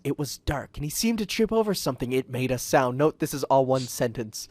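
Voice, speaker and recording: A man hosting a show, reading fan fiction aloud in a deadpan way with wry asides, speaking into a headset on a video call. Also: medium pitch, a little fast, dry recording. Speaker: host and reader.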